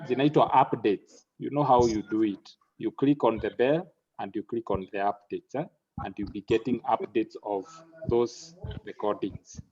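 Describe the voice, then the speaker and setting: A man lecturing an online class, halting and repeating words, slipping into Swahili now and then. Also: fairly low pitch, dark tone, breathy edge. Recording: muffled lo-fi audio.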